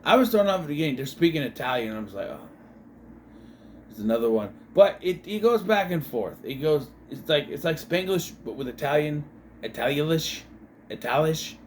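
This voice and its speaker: A man's voice: a little high, lively intonation, brisk, a little hiss or hum. A man giving a rambling, joking movie review with lots of fillers and self-corrections. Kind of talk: casual film review vlog.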